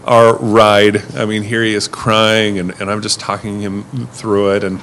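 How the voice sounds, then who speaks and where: A man's voice: on the low side, little pitch movement, a little slow, a bit bright, slight background noise. A man who works as a rideshare driver telling stories in a casual chat, mimicking his passengers. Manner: easygoing storyteller, mimics passengers. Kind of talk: casual storytelling on a podcast.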